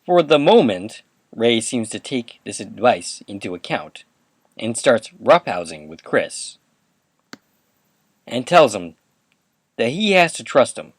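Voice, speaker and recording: A man's voice: medium pitch, slow pace, long pauses, dry recording. Man animatedly recapping a TV episode. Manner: casual, animated retelling with quoted dialogue. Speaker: podcast host.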